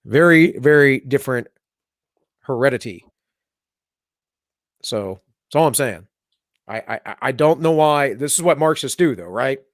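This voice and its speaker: A man's voice: medium pitch, animated, measured pace, long pauses, no echo, clean studio sound. A man co-hosting a live talk show, reading news headlines aloud and mocking them with sarcastic asides. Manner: sarcastic, mocking, slips into mock voices. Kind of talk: casual political banter, reading headlines aloud.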